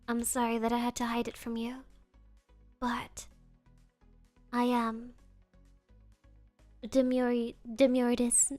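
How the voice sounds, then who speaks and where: Her high, slightly mellow voice comes through on a dry recording. She's a virtual streamer in a casual live-stream chat, playfully talking with her audience, frequently giggling and responding to viewer messages.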